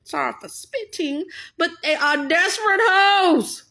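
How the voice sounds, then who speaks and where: A woman's voice: extremely high pitch, lively intonation, a little slow, bright, forceful tone. A woman vlogger in a blunt, profane, heated casual rant. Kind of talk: casual ranting monologue.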